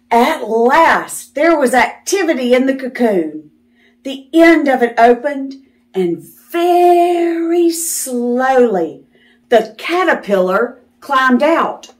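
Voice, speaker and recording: A woman reading a picture book aloud to children, animated and delighted, stopping to ask them questions. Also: high voice, takes it slowly. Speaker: children's storyteller.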